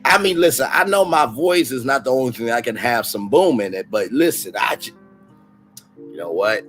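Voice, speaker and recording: A man's voice: mid-range voice, normal speed, faint music behind, rough recording. A man with a Southern US accent hosting a late-night livestream, chatting sassily and reading comments aloud. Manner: animated, sassy, reads chat comments aloud. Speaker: livestream host.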